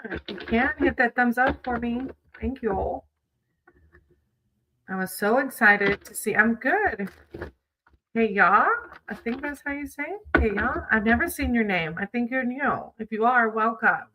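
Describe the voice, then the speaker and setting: A woman's voice: on the high side, animated, moderate pace, pushed and bright, slight background noise, poor audio. A woman chatting casually with viewers on a livestream, greeting them by name and reading tarot cards.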